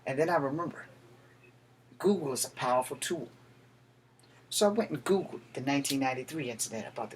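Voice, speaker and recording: A man's voice: mid-range voice, slight background noise. Blunt, profane man ranting. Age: 30s. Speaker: veteran. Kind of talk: political rant to camera.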